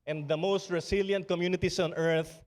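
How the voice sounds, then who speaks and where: A man's voice: high-pitched, steady tone, moderate pace, darkish tone. A middle-aged Filipino man giving an earnest, rousing keynote speech at a summit, building his points with repeated refrains and occasional restarts. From Philippines. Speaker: summit speaker. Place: large conference hall. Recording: long hall reverb.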